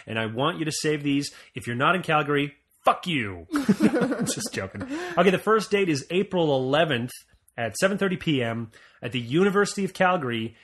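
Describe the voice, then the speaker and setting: A man from Montreal co-hosting a casual podcast, telling stories with jokes and lively asides. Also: a little high, quick pace. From Montreal, Canada. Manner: joking, animated storytelling. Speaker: podcast co-host.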